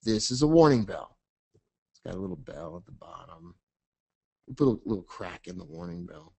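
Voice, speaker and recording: A man presenting a trading webinar, talking fast and casually with jokey, self-deprecating asides. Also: deep voice, lively intonation, gravelly, mellow, husky.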